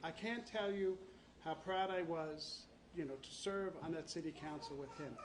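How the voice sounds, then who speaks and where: A New York man with a fairly high voice introduces a candidate, halting and searching for words between phrases. Clear noise sits behind his voice. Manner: halting, with fillers and restarts. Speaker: city council member introducing a candidate. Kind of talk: speech introduction.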